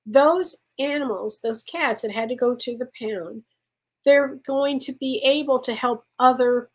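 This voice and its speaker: A woman working as a spiritual medium, answering viewer questions on a live stream in an effusive way and calling people honey. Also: on the high side. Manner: warm, effusive, laughs often, calls people honey.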